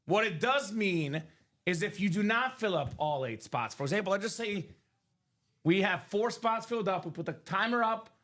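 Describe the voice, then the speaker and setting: Male live-break host, high bright voice, bouncy delivery, talks straight to chat. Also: normal speed. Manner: animated, explains rules to chat. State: coughing, losing his voice. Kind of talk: live stream sales chat.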